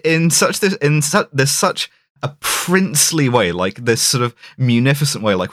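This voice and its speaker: A man's voice: medium pitch, lively intonation, moderate pace, fairly bright tone, no echo, clean studio sound. A man co-hosting a podcast, rambling through a film discussion with many fillers and restarts. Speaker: podcast co-host.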